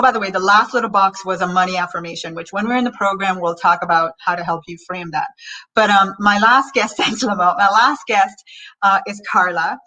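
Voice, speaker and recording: A woman hosting a motivational online session, talking in a bubbly, animated way and often laughing. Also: medium pitch, rough recording. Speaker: host.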